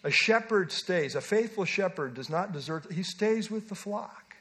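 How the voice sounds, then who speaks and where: A middle-aged man preaching a sermon, earnest and emphatic, slowing down to stress key phrases. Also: sits high, expressive, pushed and bright. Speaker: pastor.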